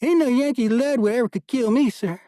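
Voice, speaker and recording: A man voicing a stout, boastful young corporal who speaks in rough backcountry dialect. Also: very high voice, a little fast, mellow, no room sound, studio quality, pitched above the performer's own voice. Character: stout boastful one-armed male corporal.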